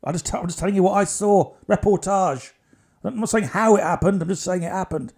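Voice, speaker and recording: A man with a fairly high voice tells a long story on his podcast. He rambles from one thing to the next in a casual way and keeps dropping dry little asides. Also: brisk, creaky, darkish tone. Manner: chatty, digressive, wry asides. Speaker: podcast host.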